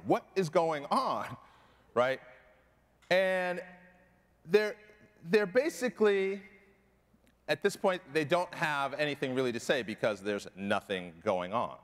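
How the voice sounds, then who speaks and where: A man's voice: a little high, a bit bright. Emphatic man telling a story in a reverberant hall. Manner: emphatic storyteller, often asking "right?". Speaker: keynote speaker. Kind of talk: personal story in a conference keynote. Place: large conference hall.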